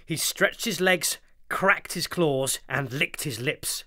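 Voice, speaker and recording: A narrator reading children's stories in an animated, expressive way. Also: medium pitch, slow pace, few pauses. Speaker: audiobook narrator.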